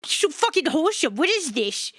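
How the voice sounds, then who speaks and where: A woman's voice: high-pitched, very animated, moderate pace, a bit bright, no room sound, studio quality. A woman streaming live, chatting casually with her viewers, laughing often and swearing freely.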